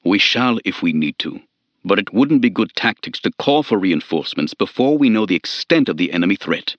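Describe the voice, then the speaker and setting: A man voicing a confident male general in an audiobook, measured and commanding. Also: low-pitched, sing-song, no echo, lo-fi sound. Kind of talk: audiobook character voice.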